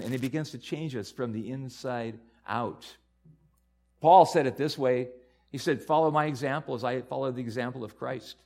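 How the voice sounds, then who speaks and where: A man preaching a sermon as pastor, earnest and repeating himself, building to loud emphatic peaks. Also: on the high side.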